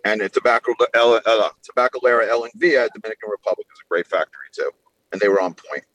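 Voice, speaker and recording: A man, a guest in an interview, talking about his business in a confident, brisk way. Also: lowish voice, fairly bright tone, dry recording, rough recording. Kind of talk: casual interview chat.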